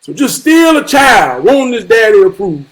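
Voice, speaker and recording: High-voiced man telling a heartfelt story. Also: sing-song, normal speed, low-quality recording. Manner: emphatic, profane, swings from low and reflective to loud outbursts. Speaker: vlogger. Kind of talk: personal storytelling monologue.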